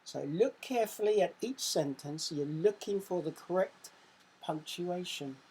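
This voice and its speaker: An English woman teaching young children in a recorded lesson, her voice low and mellow. She reads quiz questions slowly, giving a little extra punch to the sound words, with a slightly husky texture. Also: low-quality recording. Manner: slow, careful quiz reading with sound-effect emphasis. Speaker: primary school teacher.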